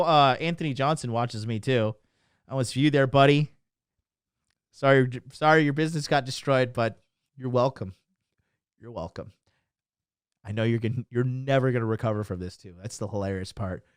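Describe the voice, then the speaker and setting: A man's voice: a little high, clean tone, dry recording, studio quality. Brash, mocking male livestream coach. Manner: emphatic, keeps asking "okay?". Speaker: dating coach. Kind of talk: livestream rant to chat.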